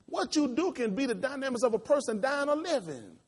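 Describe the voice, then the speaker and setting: Impassioned preacher with a lively, swooping voice. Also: male voice, a little fast, husky. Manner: impassioned storytelling, swinging between loud high outbursts and low quiet asides. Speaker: pastor. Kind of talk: sermon.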